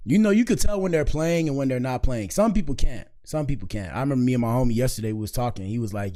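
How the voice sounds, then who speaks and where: A man from Miami hosting a casual reaction show, rambling in slang and giving frequent shout-outs. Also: mid-range voice, fast talker, few pauses, faint music behind. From Miami, Florida. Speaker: commentary show host.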